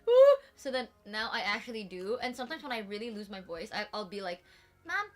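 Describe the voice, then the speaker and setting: Animated bright woman gushing stories. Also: medium pitch, fast. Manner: animated storyteller, fillers of like, acts out quotes. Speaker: guest streamer. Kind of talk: casual chat between streamers.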